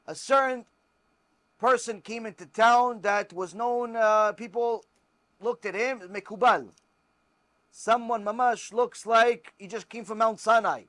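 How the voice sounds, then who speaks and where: A rabbi teaching religious law and telling stories, emphatic and repetitive. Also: male voice, very high-pitched, a little slow, no room sound. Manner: emphatic, repetitive, animated storyteller.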